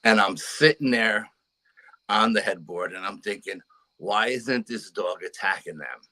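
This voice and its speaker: Older man with a bright, forceful voice. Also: fairly low pitch, measured pace, rough recording. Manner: earnest storytelling with repeated "you know". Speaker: paranormal investigator guest. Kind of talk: storytelling interview.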